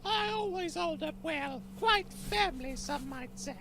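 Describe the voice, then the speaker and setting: Old aunt, haughty, sharp-tongued, very high voice, noisy game audio. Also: female voice, expressive, measured pace. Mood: snooty. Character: haughty, prickly elderly English aunt. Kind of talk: video game voice acting.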